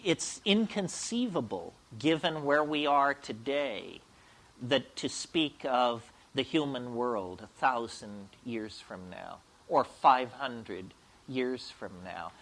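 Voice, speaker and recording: A man's voice: medium pitch, lively intonation, slow, fairly bright tone. A man giving a public lecture in a provocative, emphatic and wry way.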